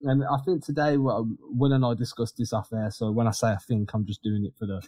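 A man co-hosting a casual sports podcast, talking in an animated, quick way with frequent restarts. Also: medium pitch, breathy edge, no echo. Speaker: podcast co-host.

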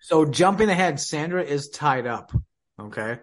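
A man's voice: fairly high pitch, lively intonation, a little slow. A man retelling a film's scenes in casual podcast chat, quoting characters in his own voice. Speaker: podcast co-host. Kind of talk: casual movie recap chat.

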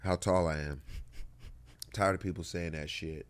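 A man's voice: low voice, fairly even intonation, unhurried. A man in his thirties, a guest in an interview, telling stories in a laid-back, drawling way and swearing freely. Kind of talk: casual storytelling.

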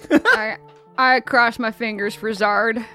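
A woman with a high, bright voice plays in a tabletop game, laughing and teasing her friends reassuringly. Faint music runs underneath. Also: fairly even intonation, takes it slowly. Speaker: player. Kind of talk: casual game banter.

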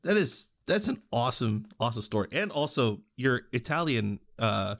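A man's voice: medium pitch, sing-song, moderate pace, a bit bright, dry recording, studio quality. A young man hosting a podcast, asking questions in a casual interview, enthusiastic and full of "like"s. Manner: enthusiastic, filler-heavy with many "like"s. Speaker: podcast host.

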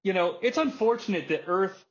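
Husky man telling an animated story. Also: sits high, moderate pace. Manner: animated storytelling, acts out wrestler quotes and laughs often. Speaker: podcast host. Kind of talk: casual chat. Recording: dull lo-fi podcast audio.

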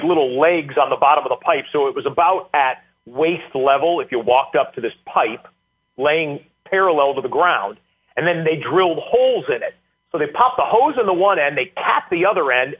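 A man guest telling animated stories with many fillers during an interview. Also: fairly high pitch, slightly rough. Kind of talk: casual storytelling interview. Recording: tinny phone line.

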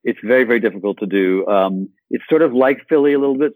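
A man's voice: mid-range voice, quick pace, a little mellow, no room sound, rough recording. A man from Michigan, a guest actor on an interview podcast, telling stories with playful acted-out asides. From Michigan, USA.

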